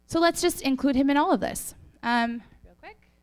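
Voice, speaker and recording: A woman's voice: high voice, moderate pace. A woman leading a youth group with a casual faith talk, chatty and full of "like" and "right?".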